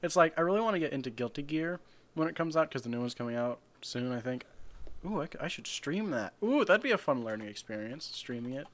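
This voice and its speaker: A man's voice: on the high side, lively intonation, fast talker. A young man co-hosting a podcast, rambling and joking in casual chat. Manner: rambling, jokey, with mocking put-on rants. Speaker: podcast co-host.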